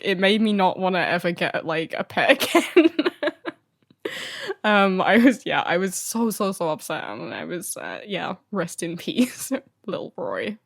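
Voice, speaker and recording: A woman's voice: medium pitch, no room sound, studio quality. A young woman co-hosting a podcast, telling stories in a rambling, giggly way. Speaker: podcast co-host. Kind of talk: casual chat.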